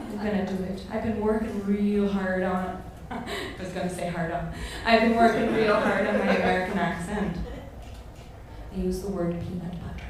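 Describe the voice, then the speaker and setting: A woman's voice: mid-range voice, steady tone, normal speed, heavy reverb, recorded from a distance, a little hiss or hum. A woman from Ireland with an Irish accent touched by London, doing a self-mocking, cheeky stand-up set on a club stage. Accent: Irish with a London tinge. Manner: self-mocking, cheeky, laughs at her own jokes. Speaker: stand-up comedian.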